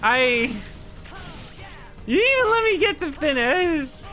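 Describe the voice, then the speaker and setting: A woman streamer chatting casually over her gameplay, giggly and flustered, with a bit of cursing thrown in. Her voice sits a little high and sounds bright and sharp. She takes her time with her words, and faint game music plays behind her. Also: sing-song, slow pace. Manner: giggly, flustered, swears freely.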